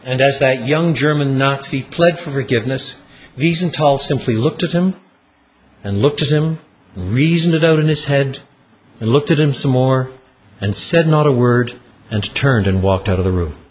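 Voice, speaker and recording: A man preaching a sermon with dramatic storytelling, dropping low and slowing down on key words.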